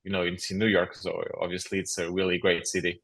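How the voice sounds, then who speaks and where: A man's voice: low voice, flat delivery, fast talker, fairly bright tone. A man answering as a guest in a podcast interview, hesitant with many uhs and some non-native phrasing. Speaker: guest, company founder.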